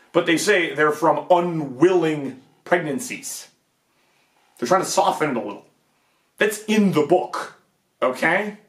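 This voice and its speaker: A man's voice: a little high, a bit bright, reverberant. A man hosting his channel, talking through a casual monologue and peppering it with rhetorical questions and "okay?" asides. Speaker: video essay host. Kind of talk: casual monologue on fantasy gaming.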